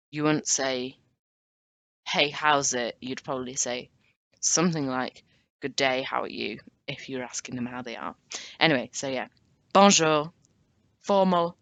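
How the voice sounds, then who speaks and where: Woman teacher, low voice, unhurried, repeats words for drills, dry close sound. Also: a bit bright, dry recording. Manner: switches between French and English. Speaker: language teacher. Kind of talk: spoken language lesson.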